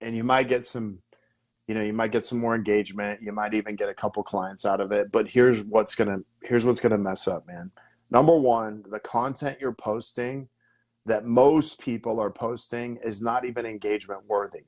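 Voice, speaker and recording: A man with a fairly low voice talks as a podcast guest, coaching listeners on marketing. He speaks with emphasis and energy, repeats his words and poses rhetorical questions to them. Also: steady tone, normal speed, a little mellow.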